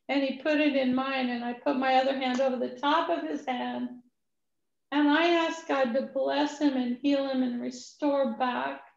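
A woman's voice: sits high, gravelly. Woman storyteller at a ministry class, acts out every voice, dull lo-fi recording with room echo. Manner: animated storyteller acting out dialogue. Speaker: ministry executive director. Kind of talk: storytelling testimony talk. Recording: echoey room, dull lo-fi sound.

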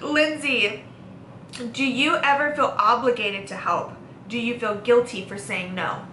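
A young woman chatting casually as host, her voice bright and a touch high, with a playful, laugh-prone way of talking. The room gives back a noticeable echo, and a faint hum sits underneath. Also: measured pace. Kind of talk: casual chat. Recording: echoey room, faint background noise.

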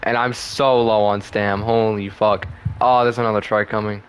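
Smooth and lowish, the young man's voice moves at a normal speed as he gives offhand gameplay commentary for his gaming channel, swearing, trash-talking, laughing often and getting excited.

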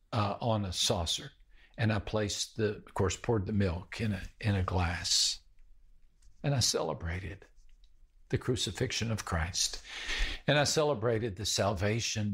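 A male pastor preaching a sermon in a slow, measured way, with pauses and repeated phrases. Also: lowish voice, fairly bright tone, breathy edge.

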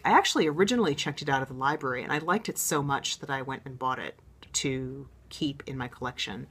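A woman with a deep, slightly rough voice hosts a knitting podcast, chatting casually and enthusiastically in a show-and-tell style. She thinks aloud, with plenty of ums and restarts.

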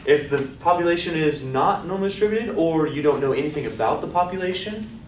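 A male statistics teacher lecturing a class in an animated, joking way, often asking students questions. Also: on the high side, brisk, far from the mic. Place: lecture hall. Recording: echoey hall, voice off-mic, faint hiss.

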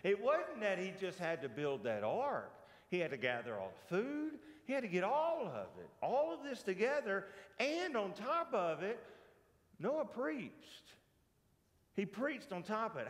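A Southern US man leads a church Bible class in a high, very lively voice that swoops up and down. He talks in a folksy, joking way and keeps throwing questions at the room. The sound rings with a long echo from the church hall. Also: moderate pace. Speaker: Bible teacher. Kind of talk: casual church Bible lesson.

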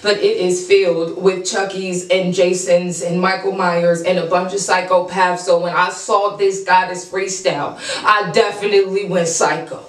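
A woman's voice: on the low side, moderate pace, hardly any pauses, distant mic. Gushing woman in an echoey room. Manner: gushing, excitable, repeats herself. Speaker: host reacting to freestyles. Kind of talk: casual reaction commentary.

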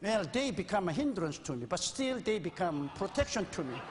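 A man in his sixties preaches with an earnest, confessional tone, his voice sitting unusually high for a man. He is heard in a church sanctuary, and the old VHS-era recording carries a long, ringing reverb. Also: sing-song, brisk, background noise. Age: 60s. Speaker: pastor. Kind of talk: sermon.

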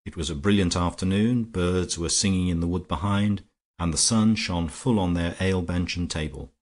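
A man narrating an audiobook in a steady, brisk reading style. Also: low-pitched. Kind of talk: scripted narration.

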